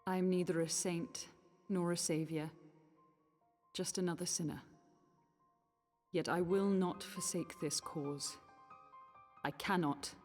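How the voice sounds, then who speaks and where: A woman voicing a solemn, resolute video game heroine who speaks gravely and formally. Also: lowish voice, fairly even intonation, a little mellow. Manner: grave, measured, formal speech. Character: solemn resolute woman vowing to end a cycle of war. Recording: game audio with long reverb under music. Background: game music.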